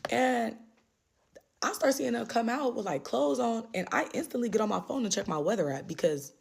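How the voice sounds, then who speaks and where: A woman casually telling a true story, animated and full of profanity and slang. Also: a little high, normal speed, vocal fry, reverberant.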